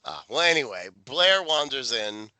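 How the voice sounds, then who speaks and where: Guy cohosting a podcast, really bright tense voice, dry close sound, swears a lot and does the characters' lines. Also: mid-range voice, sing-song, moderate pace, no room sound, rough recording. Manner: profane, jokey, acts out characters' lines. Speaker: podcast co-host. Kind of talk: casual recap chat.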